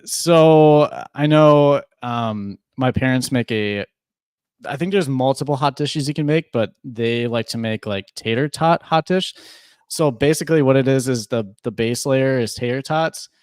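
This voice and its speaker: A man's voice: mid-range voice, moderate pace, a little mellow, smooth, no room sound, clean studio sound. A young man from Minnesota chatting easily as a podcast guest, with lots of filler words and restarts. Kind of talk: casual chat.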